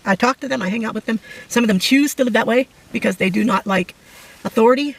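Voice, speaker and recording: Gravelly-voiced woman near tears. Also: fairly high pitch, distant mic, low-quality recording. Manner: halting, emotional, fighting back tears. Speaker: vlogger sharing a testimony. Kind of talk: emotional personal testimony to camera.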